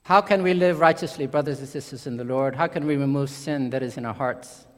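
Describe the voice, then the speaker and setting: A man preaching a sermon as pastor, talking conversationally, climbing into excited bursts and then sinking low and quiet. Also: a little fast, long reverb tail.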